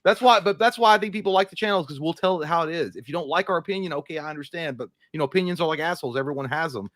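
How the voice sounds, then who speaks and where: A man's voice: fairly high pitch, very fast, fairly bright tone, dry recording. Crude joking man reading comments. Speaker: co-host. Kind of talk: casual live-stream chat.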